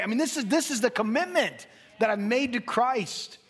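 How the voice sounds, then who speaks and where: A man preaching a sermon, his voice sitting unusually high for a man. He is animated, slips into little acted-out exchanges and laughs often along the way. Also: moderate pace, husky. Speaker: pastor.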